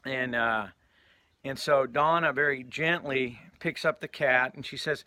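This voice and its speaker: A man's voice: medium pitch, steady tone, measured pace, bright, forceful tone, dry recording. A man telling a casual anecdote, rambling with lots of fillers and restarts. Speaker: storyteller.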